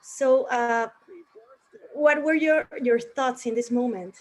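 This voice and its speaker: A woman's voice: fairly high pitch, takes it slowly. A woman hosting an interview, enthusiastic and admiring, often stumbling over her words with fillers. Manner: enthusiastic, hesitant with many fillers. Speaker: interview host. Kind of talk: casual interview.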